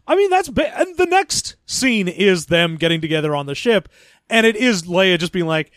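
With a high voice that swings widely in pitch, a male podcast co-host recaps a novel in casual, wry and sarcastic banter. He speaks at a moderate pace in a fairly bright tone, with no echo and clean studio sound.

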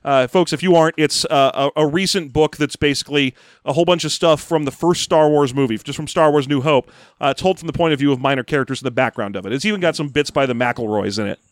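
A man hosts a casual comedy podcast and reads out listener questions with a wry, deadpan edge. His voice sits a little high. The recording is dry and close. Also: fast, no echo.

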